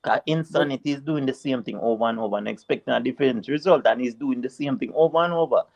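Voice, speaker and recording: A man on a casual panel, laying out his reasoning calmly. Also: mid-range voice, quick pace, vocal fry, rough recording.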